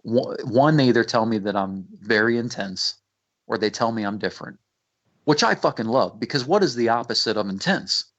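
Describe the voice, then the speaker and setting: A man's voice: mid-range voice, animated, normal speed, a bit bright. A man, a rapper, talking intensely as a radio guest, swearing freely and restarting his sentences. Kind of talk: casual radio interview. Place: radio studio. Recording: muffled lo-fi radio audio.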